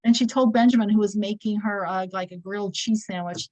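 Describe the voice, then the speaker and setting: A woman's voice: mid-range voice, steady tone, brisk, darkish tone, poor audio. Chatty woman in her sixties teaching. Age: 60s. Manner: chatty, anecdotal, many fillers and restarts. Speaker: Torah class teacher. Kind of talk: casual weekly scripture class.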